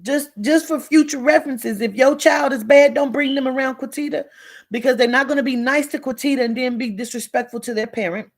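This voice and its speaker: A woman hosting a live stream, talking straight to her viewers in a blunt, forceful way. She swears freely, hammers home her warnings over and over, and calls out commenters by name as she goes. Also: high-pitched, fairly quick. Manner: blunt, emphatic and profane; lectures sternly with repeated warnings. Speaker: livestream host.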